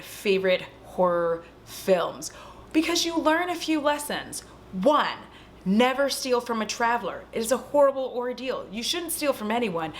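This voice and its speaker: A young woman casually recapping a horror film at home, animated and swearing freely as she acts out the characters' lines. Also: fairly high pitch, a little hiss or hum. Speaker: vlog host.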